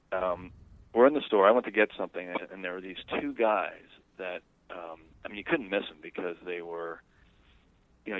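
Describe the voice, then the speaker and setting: A deep-voiced man rambles conversationally through a personal story for an interviewer. He's heard over a phone line, so the recording sounds dry and tinny.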